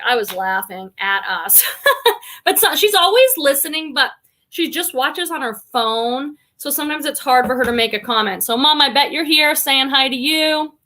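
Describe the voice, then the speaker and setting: A woman's voice: high-pitched, bright, forceful tone. A middle-aged woman from the Boston area with a slight Boston accent, chatting casually on a livestream, reading out comments and greeting viewers by name. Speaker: livestream host, reseller.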